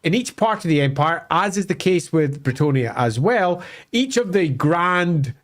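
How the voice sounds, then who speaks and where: Male co-host, easygoing explainer, a touch higher-pitched than most. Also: lively intonation, a little slow. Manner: explanatory, thinks aloud with fillers. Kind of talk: casual lore chat on a live stream.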